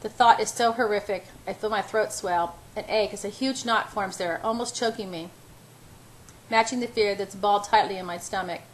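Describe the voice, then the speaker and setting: A woman's voice: mid-range voice, normal speed, a little hiss or hum, rough recording. A woman reading a first-person novel aloud in an unpolished way, stumbling over words and correcting herself. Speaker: audiobook reader.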